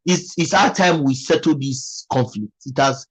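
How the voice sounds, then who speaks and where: A man's voice: medium pitch, a little slow, husky, low-quality recording. A man with a Nigerian accent hosting a casual live stream, musing aloud and thanking viewers by name.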